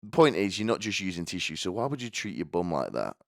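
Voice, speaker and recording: A man's voice: sits low, big pitch swings, fast talker, vocal fry, no echo, studio quality. A man hosting a podcast, delivering a rambling, sardonic comedic monologue full of restarts. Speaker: podcast host.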